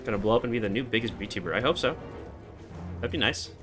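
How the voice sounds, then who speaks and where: A man in his twenties streaming a game, chatting casually and answering chat in a relaxed, monotone way. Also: mid-range voice, fast talker, music in the background. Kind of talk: casual live-stream chat while gaming.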